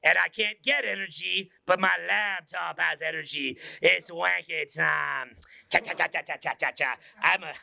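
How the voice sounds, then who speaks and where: Guy doing a whiny lazy slug dude, kinda gravelly, sharp and bright. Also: fairly high pitch, moderate pace, no room sound, exaggerated voice. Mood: mocking, whiny. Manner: whiny, mocking. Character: lazy self-pitying man, whiny slug.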